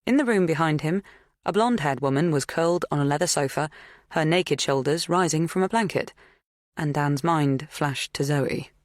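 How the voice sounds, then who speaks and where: A woman narrating a suspense audiobook in a measured, even reading. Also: sits low, no echo, clean studio sound. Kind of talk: scripted narration.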